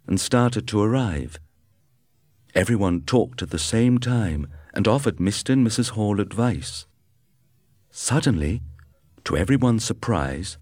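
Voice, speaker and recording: A man narrating a storybook in a measured reading voice. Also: on the low side, a little mellow, dry recording. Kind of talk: scripted narration.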